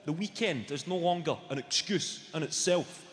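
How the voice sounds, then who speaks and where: A man's voice: a little high, normal speed. A young Scottish man doing live stand-up on an arena stage, with brash, sweary banter at the crowd. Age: young adult. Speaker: stand-up comedian. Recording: echoey arena with long reverb, loud crowd.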